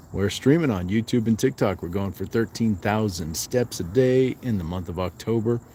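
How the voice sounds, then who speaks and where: Low-voiced man reading his stream chat. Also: animated, unhurried, dark tone, a little hiss or hum. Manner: chatty, reads viewer comments aloud and answers them. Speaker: fitness livestream host. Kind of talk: casual livestream chat, reading comments aloud. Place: outdoors at night, resting during a walk.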